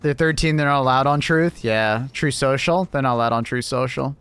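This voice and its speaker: A man's voice: medium pitch, a little fast, fairly bright tone, smooth. A British man streaming a game, chatting casually with his viewers, laughing often and swearing at the game. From Britain. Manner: laughing, swearing, reacting to chat. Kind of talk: casual livestream chat while gaming.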